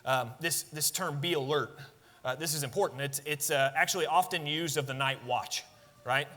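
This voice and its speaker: Bright-voiced preacher in a church hall. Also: male voice, a little high, normal speed. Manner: conversational, asks the congregation questions, builds to emphatic peaks. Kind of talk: sermon. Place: church sanctuary.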